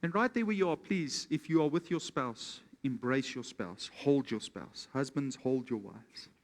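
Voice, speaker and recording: A man's voice: mid-range voice, measured pace. A man preaching a sermon as pastor, calling out questions to his congregation and telling an everyday story as an example. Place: church hall with congregation. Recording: long reverb of a church hall.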